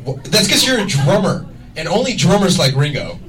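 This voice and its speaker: A drunk man co-hosting a casual podcast chat in a bar, giggly, loud and excitable. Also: a little high, a little fast. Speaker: podcast co-host. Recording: distant mic with a crowd behind.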